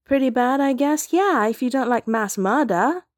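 A woman voicing a blunt, sharp-tongued young woman in a storybook reading, biting and incredulous. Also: high-pitched, animated, moderate pace, no room sound, clean studio sound, pitched above the performer's own voice.

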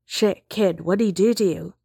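A woman voicing a gruff, protective older man who talks bluntly and swears, in a storybook reading. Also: medium pitch, unhurried, mellow, dry recording, clean studio sound. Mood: worried.

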